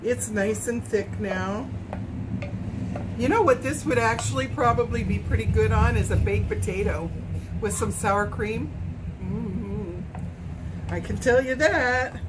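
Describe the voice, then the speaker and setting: A woman's voice: fairly high pitch, slow pace, heavy background noise. A middle-aged woman from Hawaii cooking in her home kitchen, chatting in a rambling way as she tastes and snacks. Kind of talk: casual cooking chat.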